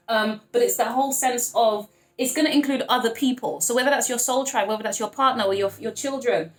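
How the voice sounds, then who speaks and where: A young woman gives a casual tarot reading, speaking straight to her viewers in a fairly high voice. She is effusive and emotional and can barely contain her excitement. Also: reverberant. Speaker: tarot reader.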